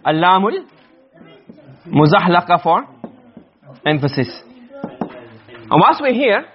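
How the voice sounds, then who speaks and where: A man's voice: sits high, sing-song, takes it slowly, lo-fi sound. A man teaching an Arabic grammar class, asking questions and answering them himself, often repeating and restarting phrases. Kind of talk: classroom lecture.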